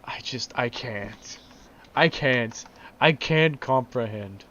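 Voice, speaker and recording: A man's voice: mid-range voice, takes it slowly, a bit bright, a little hiss or hum. A man in a casual vlog, ranting in exasperated disbelief, repeating himself and laughing. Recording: dull lo-fi recording.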